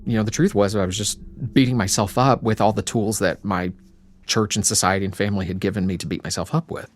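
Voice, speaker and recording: A young adult man, interviewed, reflecting on his life in a quiet, emotional way. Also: on the low side, fairly even intonation, fast talker. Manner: reflective, quietly emotional, sometimes trails to a whisper. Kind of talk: personal storytelling.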